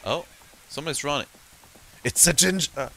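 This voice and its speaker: A man giving casual gameplay commentary, excitable, swearing and laughing often. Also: a little high, normal speed, vocal fry. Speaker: let's play gamer.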